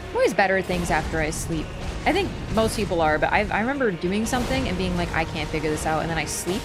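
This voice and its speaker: A woman's voice: on the low side, big pitch swings, quick pace. A woman streamer chatting casually and ranting as she plays, swearing freely. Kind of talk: casual gameplay commentary. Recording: game music playing under the voice.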